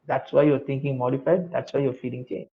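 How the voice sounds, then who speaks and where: A man's voice: mid-range voice, steady tone, brisk, creaky, phone-quality sound. A man giving an interactive webinar lecture, reading out chat answers and repeating his key phrases. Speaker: webinar trainer.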